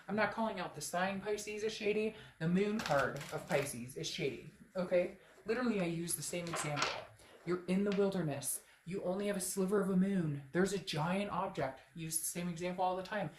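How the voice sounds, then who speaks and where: A woman's voice: fairly low pitch, reverberant, a little hiss or hum. A woman giving a casual tarot reading, rambling, joking and blunt, swearing freely as she goes. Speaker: tarot reader.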